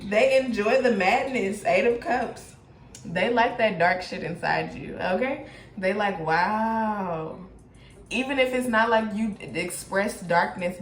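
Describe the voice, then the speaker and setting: A woman doing a casual tarot reading, animated and profane, often breaking into laughter. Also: mid-range voice. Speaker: tarot reader. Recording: echoey room with faint noise.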